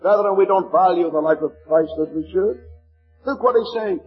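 A man from Liverpool with a Liverpool accent preaching a sermon, slowing to a measured cadence when he reads scripture aloud. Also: high voice, dull audio, faint music behind. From Liverpool, England.

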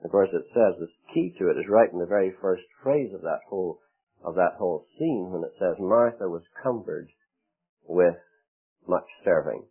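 A male preacher with a low, husky voice that rises and falls with great animation. He delivers his sermon with dramatic pauses and acts out the quotes. The sound is thin and tinny, like an old radio broadcast over a phone line. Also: lively intonation.

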